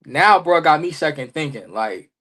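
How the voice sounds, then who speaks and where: A man's voice: a little high, expressive, moderate pace, bright, forceful tone. A man, a wrestler guest on a podcast, telling stories casually in slangy talk and acting out both sides of past conversations. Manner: slangy, loose, peppered with "bro" and "you feel me". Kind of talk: casual storytelling interview.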